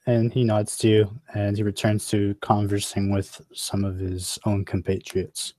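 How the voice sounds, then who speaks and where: A man's voice: on the low side, monotone, unhurried, mellow, dry recording. A man narrating as game master of a tabletop game, describing scenes unhurriedly with fillers.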